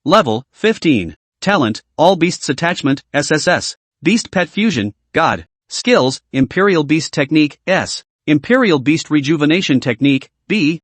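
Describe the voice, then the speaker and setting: A man's voice: fairly high pitch, big pitch swings, moderate pace, few pauses, no echo. A man narrating a comic recap in a scripted style, reading out stat lists in short clipped phrases.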